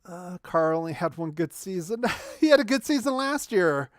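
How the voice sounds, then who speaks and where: A man's voice: high voice, very animated, normal speed, dry recording, studio quality. A man hosting a fan livestream, answering chat commenters in a heated, argumentative way. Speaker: fan channel livestream host.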